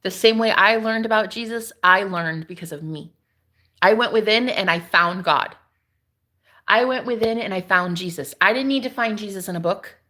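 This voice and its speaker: A woman's voice: medium pitch, moderate pace, bright, forceful tone. A woman chatting casually on a live stream, sassy and laughing often as she talks back to her viewers. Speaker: spiritual streamer.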